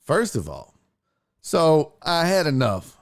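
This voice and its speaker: A man hosting a casual sports talk show, telling a story with heated, profane animation. His voice sits a little high and swings widely, jumping up sharply when he quotes himself. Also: wildly swooping pitch, slow.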